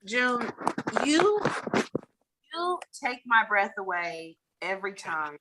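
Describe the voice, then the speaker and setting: Bright-voiced, gushing woman hosting on a video call. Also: medium pitch, big pitch swings, takes it slowly, low-quality recording. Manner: effusive, gushing, laughs often. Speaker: open mic host. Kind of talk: casual chat on a video call.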